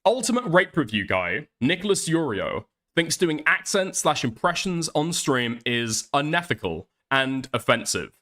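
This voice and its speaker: A man reads posts aloud and picks them apart, blunt and exasperated, swearing as he goes. His voice sits a bit high and sounds bright. His pitch swings widely from line to line. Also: big pitch swings, measured pace, few pauses. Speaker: commentary streamer. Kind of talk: reading and reacting to posts.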